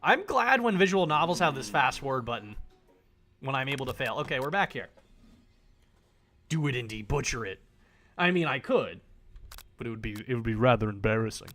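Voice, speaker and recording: Animated man streaming a dating game. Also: mid-range voice, brisk, pauses often. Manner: animated, dramatic reading with frequent laughter. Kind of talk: reading a visual novel aloud on a live stream.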